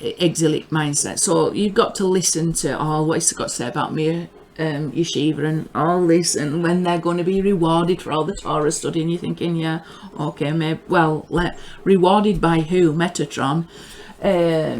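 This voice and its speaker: A lowish-voiced woman with a northern English accent talks through a personal testimony, stumbling over and repeating words as her excitement builds. Her middle-aged voice carries over a faint background hiss. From northern England. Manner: rambling, repeats and restarts words, grows excited. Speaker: religious video maker.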